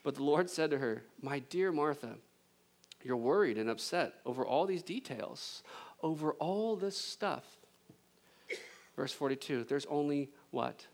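A man preaching a sermon as pastor, conversational and joking, with emphatic swings between loud intensity and a hushed delivery. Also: a little high, animated, unhurried. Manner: conversational with jokes and laughter.

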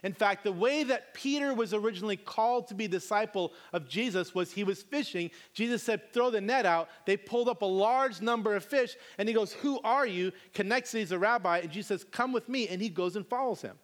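A man's voice: high voice, brisk, few pauses. A man preaching a sermon, reading scripture and then retelling it in a casual, conversational way with slangy asides.

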